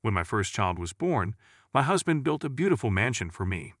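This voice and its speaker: A man's voice: fairly low pitch, sing-song, a little fast, no room sound, clean studio sound. A man voicing an arrogant, wealthy woman from California who boasts about her gifts. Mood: boastful.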